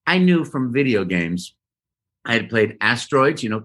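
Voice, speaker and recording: A man guest telling a lively story in an interview and acting out voices and sounds as he goes. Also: medium pitch, normal speed. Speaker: guest voice actor. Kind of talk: animated storytelling.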